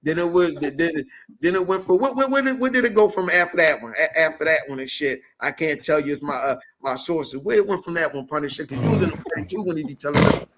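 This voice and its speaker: A podcast host in a loose, profane chat, throwing himself into a story and voicing the people he quotes. His voice sits a little high, with a bright, forceful edge. He talks casually and swears freely. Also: expressive, quick pace, a little hiss or hum.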